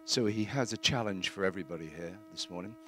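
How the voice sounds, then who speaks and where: A man giving a plain-spoken, earnest testimony in church, halting now and then with fillers. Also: sits low, soft background music.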